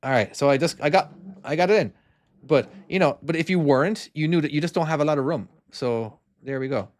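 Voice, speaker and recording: A man's voice: a little high, brisk, no room sound. A man with a Cork Irish accent, an Irish former truck driver, streaming a trucking game and chatting casually with viewers in a rambling way, restarting sentences and checking in with "all right?". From Ireland. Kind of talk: casual live-stream commentary reading chat.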